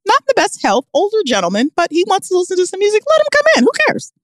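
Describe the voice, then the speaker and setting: A woman co-hosting a podcast, telling a comic story with emphatic, animated delivery and frequent laughter. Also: very high-pitched, fast talker, dry recording, studio quality. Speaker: podcast co-host. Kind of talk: casual comedic storytelling.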